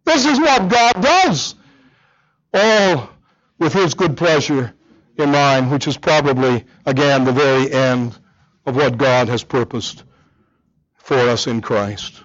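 Speaking slowly with long pauses, a man of medium pitch delivers a sermon in a slightly bright tone, though the highs are cut off. He is earnest and emphatic, frequently repeating words to press his message.

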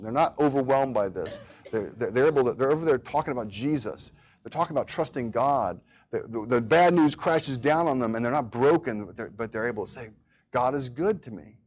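A man's voice: mid-range voice, lo-fi sound. A man teaching a church Bible study in an earnest sermon style, often repeating words as he restarts phrases.

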